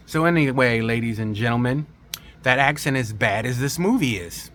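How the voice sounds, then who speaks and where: A man's voice: medium pitch, lively intonation, normal speed, a bit bright, slight background noise. A man giving a sarcastic, emphatic movie review as the host of his own channel. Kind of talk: casual review rant to camera.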